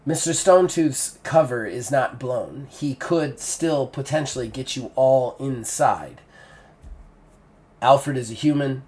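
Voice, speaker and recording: A man's voice: medium pitch, slow, a little mellow, lightly acted. A man voicing a composed, teasing female faction leader in a live-play tabletop game. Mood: persuasive.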